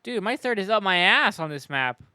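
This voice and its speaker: Bright, crisp-voiced man streaming casually. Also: high voice, very animated, moderate pace, no room sound, clean studio sound. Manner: profane, joking, laughs often. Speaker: streamer judging game maps. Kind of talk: casual live-stream chat.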